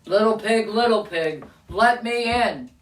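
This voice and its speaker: A woman voicing a menacing male wolf at a door, stretching out and booming her threats. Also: expressive, measured pace, distant mic, close to an everyday voice. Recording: echoey room, away from mic.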